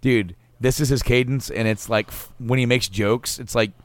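A man's voice: medium pitch, fairly even intonation, moderate pace. A man co-hosting a casual podcast chat, rambling with restarts, laughing often and swearing casually. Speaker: podcast co-host.

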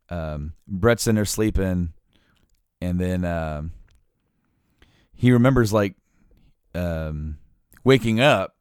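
A man in a casual chat who tells long stories in a halting, rambling way with many fillers. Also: on the low side, clean tone, no room sound, clean studio sound.

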